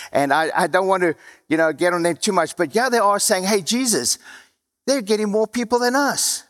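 Recorded with a long hall reverb, this sermon comes from a South African-accented man who preaches in a conversational style. He lets each phrase trail off low and quiet, and there's a slightly dry quality to his mouth.

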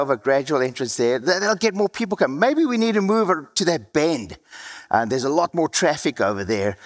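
A man with a South African accent preaching a sermon in a conversational way, his voice dropping low and quiet at the ends of phrases, with a slightly dry mouth. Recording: long hall reverb.

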